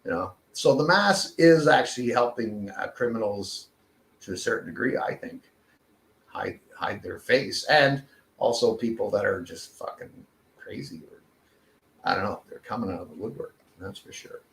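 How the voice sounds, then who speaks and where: Gravelly man ranting with heavy swearing. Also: fairly low pitch, expressive, normal speed, fairly bright tone, a little hiss or hum. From Canada. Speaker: podcast co-host. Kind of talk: casual chat. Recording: echoey room.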